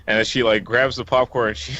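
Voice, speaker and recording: Guy on a game stream rambling thru a story, keeps cracking up, kinda muffled lo-fi mic, regular pitch. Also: bright, forceful tone, dry recording. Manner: rambling storyteller, laughs often mid-sentence. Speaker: let's play co-host. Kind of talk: casual chat.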